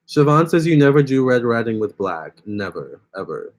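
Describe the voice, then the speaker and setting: A man's voice: medium pitch, very animated, moderate pace. A young man hosting a casual phone livestream, chatting with viewers and reading their comments aloud. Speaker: livestream host.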